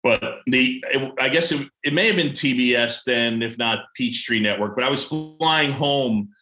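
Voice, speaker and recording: Bright-voiced man in an echoey room. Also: medium pitch, moderate pace, faint music behind. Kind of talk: casual chat.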